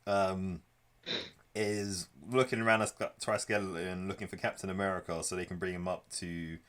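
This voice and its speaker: A man's voice: low voice, fairly even intonation, moderate pace, a bit bright, clean tone. A man co-hosting a podcast, recapping a comic in a laid-back way and quoting the characters. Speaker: podcast co-host. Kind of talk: casual chat recapping a comic.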